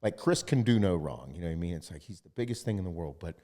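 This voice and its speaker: A man hosting a podcast in casual chat, animated and profane, acting out what other people say. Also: sits low, fast talker, in a large hall. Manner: animated, profane, acts out quoted voices. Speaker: podcast host.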